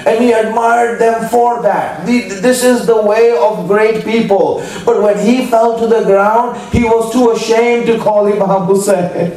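A man's voice: high-pitched, steady tone, unhurried, a little mellow, distant mic. A man preacher telling a story in a sermon, emotional and dramatic, acting out quoted speech. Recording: echoey hall, voice from afar, faint noise.

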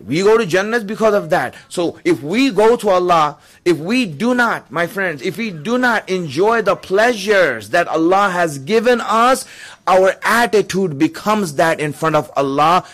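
Male preacher, casual storytelling sermon, slightly high voice, chuckles and asides. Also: animated, unhurried, a bit bright. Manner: conversational, fillers, chuckles while telling.

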